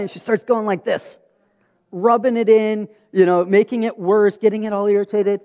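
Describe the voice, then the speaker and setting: A man's voice: high-pitched, steady tone, normal speed, a little mellow. A pastor in his thirties preaching a sermon, telling stories earnestly and acting out dialogue. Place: church sanctuary. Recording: dull audio with long hall reverb.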